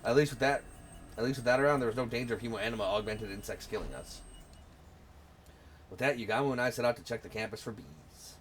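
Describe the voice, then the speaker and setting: A man's voice: mid-range voice, quick pace, fairly bright tone, a little hiss or hum. A man hosting a let's play, reading a visual novel's text aloud with dry asides. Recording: game music behind voice.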